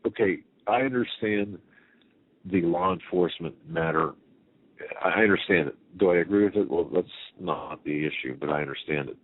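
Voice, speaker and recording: A man's voice: sits low, normal speed, slightly rough, no room sound. A man hosting a talk radio conversation, emphatic and rambling, often restarting and asking rhetorical questions. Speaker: radio show host. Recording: tinny phone-line sound with faint hiss.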